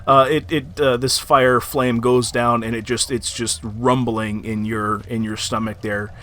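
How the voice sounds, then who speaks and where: A man's voice: medium pitch, little pitch movement, a little slow, fairly bright tone. A man narrating as game master of a tabletop game, rambling with many ums and likes. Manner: rambling, filler-heavy narration.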